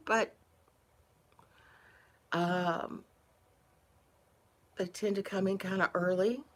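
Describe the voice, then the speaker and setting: Woman, bright tone, telling her own story in a casual, unhurried way. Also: mid-range voice. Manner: unhurried, conversational recounting with pauses. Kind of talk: personal storytime.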